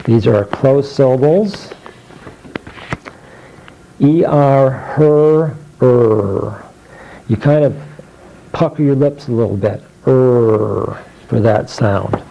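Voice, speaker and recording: A man teaching phonics, sounding out letters and keywords one by one in a deliberate instructional drill. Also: mid-range voice, vocal fry, a little hiss or hum. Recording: dull lo-fi recording.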